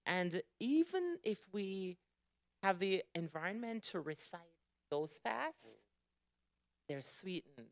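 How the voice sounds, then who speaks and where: A woman's voice: mid-range voice, very animated, slow pace, long pauses, no echo, clean studio sound. A woman speaking earnestly to a church gathering, emphatic as she exhorts them toward healing. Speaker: church member.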